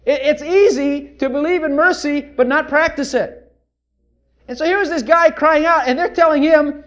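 A male preacher delivering a sermon, animated and full of rhetorical questions. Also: extremely high pitch, normal speed.

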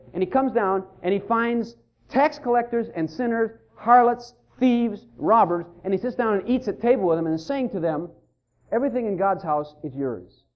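A man delivers a sermon in a high, lively voice that leaps up and down in pitch. He talks in a folksy way and acts out the people he quotes with changing voices. The recording sounds dull and lo-fi. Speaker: preacher.

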